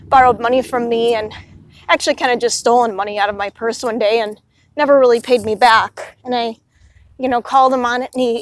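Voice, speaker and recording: A woman's voice: a little high, slight background noise. A woman vlogging, telling a rambling personal story in casual chat with many "you know" asides. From Illinois, United States.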